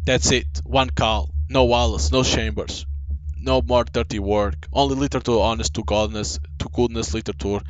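A man voicing a hard-drinking, struggling male writer who talks gruffly and curses a lot. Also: medium pitch, fairly even intonation, moderate pace, no room sound, muffled recording, natural voice. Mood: scheming. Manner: reads game dialogue aloud, gruff and cursing.

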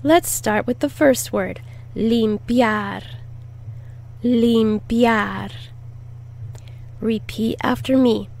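A woman teaching a lesson, repeating each word slowly and deliberately and stressing syllables for learners to copy. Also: on the high side, gravelly, a little mellow. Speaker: Spanish teacher. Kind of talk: slow, clear language lesson.

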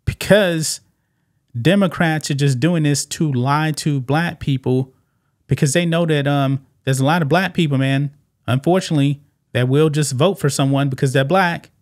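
A man's voice: a little high, normal speed. Emphatic man hosting political commentary. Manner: emphatic, repeats points and keeps saying "man". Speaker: commentary channel host. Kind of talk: political commentary reacting to clips.

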